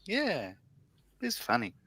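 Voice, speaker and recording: Bright, gravelly man joking around. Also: a little high, wildly swooping pitch, takes it slowly, no echo. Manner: playful storyteller who acts out quotes and cracks puns. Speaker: regular co-host of a modelling live stream. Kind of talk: joking live-stream chat.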